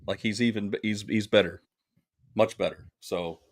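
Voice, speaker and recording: A man speaking quickly and emphatically as a panelist on a casual sports podcast over a video call. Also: on the low side, steady tone, no room sound, studio quality.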